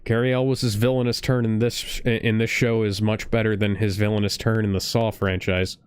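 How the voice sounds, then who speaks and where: A man's voice: fairly low pitch, flat delivery, clean tone, dry recording. A man co-hosting a watch-along show, riffing casually with crude jokes and asides. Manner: joking, crude, quick asides. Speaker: podcast co-host.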